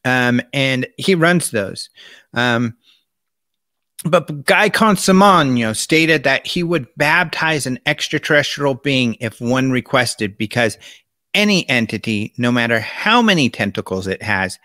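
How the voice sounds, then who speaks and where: A man hosts his show in a loose, chatty monologue, reading out quotes as he goes. His voice is bright and forceful, and it sits at a middle pitch. The sound is dry and close, with no room echo. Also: animated, a little slow. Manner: chatty, gestures with his hands while talking. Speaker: host.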